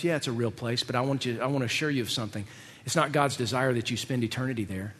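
Animated male preacher in an echoey hall. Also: medium pitch, racing, few pauses. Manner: animated, casual, slangy asides. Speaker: pastor. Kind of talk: sermon.

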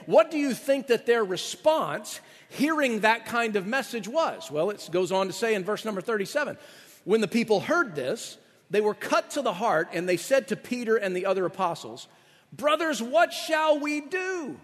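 A male pastor delivers an emphatic sermon in a high, ringing voice. He stretches and lifts key words for emphasis, and his voice carries the long reverb of a large hall. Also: lively intonation. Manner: emphatic preaching, slows and rises on key words.

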